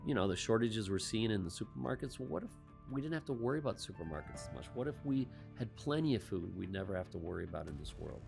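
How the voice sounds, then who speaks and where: Low-voiced man hosting a commentary. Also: animated, fast talker, creaky, over music. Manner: rhetorical questions with wry asides. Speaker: host. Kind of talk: commentary monologue.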